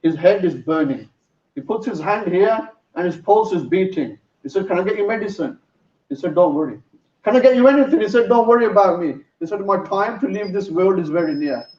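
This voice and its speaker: A man's voice: sits high, lively intonation, brisk, darkish tone. A man giving a sermon, telling a story in an earnest way. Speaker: preacher. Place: mosque hall. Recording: roomy, distant, dull sound.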